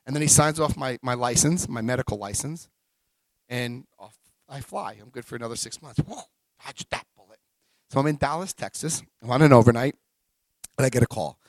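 A man in his forties, talking fairly quickly, addresses a large live audience with an energetic account of his recovery. He acts out other people's voices and whoops when the story hits its highs, all without any echo.

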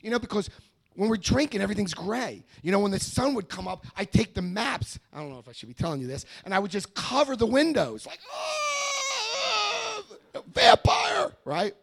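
A middle-aged American man tells his own story to a meeting, stumbling over and repeating words as he goes. His voice sits a bit high for a man and carries a gravelly rasp. He slips into lively put-on voices whenever he quotes someone. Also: quick pace. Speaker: recovery meeting speaker. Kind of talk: personal testimony to a meeting.

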